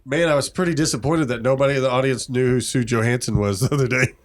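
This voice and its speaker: A man's voice: mid-range voice, fairly even intonation, quick pace. A man hosting a comedy podcast, telling loose, profane stories in casual chat. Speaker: podcast host.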